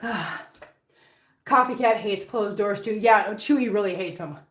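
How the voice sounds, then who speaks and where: A woman's voice: medium pitch, unhurried, a bit bright, roomy sound, recorded from a distance. A woman vlog host chatting casually as she cleans at home, rambling along and cooing to her cats. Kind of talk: casual chat while cleaning. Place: home, indoors.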